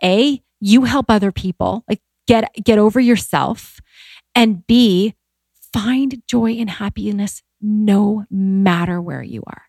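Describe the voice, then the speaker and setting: A woman's voice: medium pitch, slow pace, creaky, a little mellow, no echo. Heartfelt woman in her forties, dry sound. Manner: heartfelt, filler-heavy with many "like"s, voice rising when emotional. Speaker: podcast guest. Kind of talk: candid conversational storytelling.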